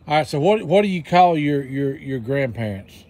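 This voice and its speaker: A man's voice: mid-range voice, expressive, moderate pace, a little mellow. A man in casual chat who asks questions and repeats the answers back. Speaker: interviewer.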